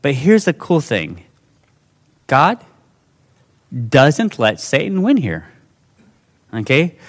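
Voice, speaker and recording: Young male preacher, animated, a very lively voice, acts out dialogue in high whiny voices. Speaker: pastor. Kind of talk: sermon.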